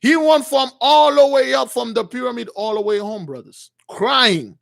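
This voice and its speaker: High-voiced man retelling a religious story. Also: normal speed, gravelly. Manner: rambling, repetitive restarts, addresses listeners as brothers. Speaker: preacher.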